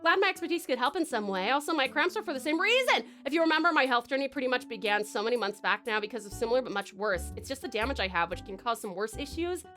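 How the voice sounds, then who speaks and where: Bubbly woman streamer, bright and lively voice, rambling chat with faint music underneath. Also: sits high, fast, few pauses. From Tasmania, Australia. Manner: chatty, rambling, bubbly, frequent giggles. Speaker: VTuber streamer. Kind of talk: late-night livestream chat, reading chat.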